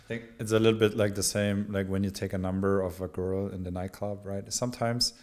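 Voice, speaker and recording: Podcast host, non-native English man, low voice, reflective. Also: flat delivery, a little fast, darkish tone. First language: not English. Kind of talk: casual interview.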